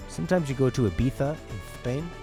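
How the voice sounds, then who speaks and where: A man's voice: medium pitch, lively intonation, brisk, music in the background. A man casually commenting while playing a game, joking and sarcastic, swearing freely. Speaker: let's play gamer.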